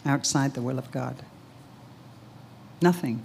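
Slow, earnest older woman preaching. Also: deep voice, a little mellow. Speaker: speaker, teacher. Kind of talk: sermon with storytelling and recited poem.

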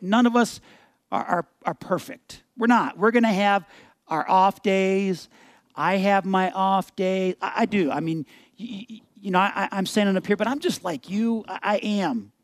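A pastor in his forties preaching a sermon, telling candid personal stories with animation and then slowing into a prayerful tone. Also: sits high, no room sound. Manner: animated, candid storyteller, shifting to a slower, prayerful tone.

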